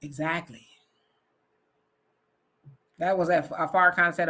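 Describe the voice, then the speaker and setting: A woman hosting a live online talk show in a bright, clear voice. She talks frankly in a loose, casual way and reads out viewer comments. Her laugh comes easily and often. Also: mid-range voice, normal speed.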